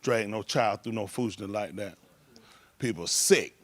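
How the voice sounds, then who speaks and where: With a lowish voice and a moderate pace, a man tells stories in casual talk. He rambles loosely, breaking into laughs and shouting impressions.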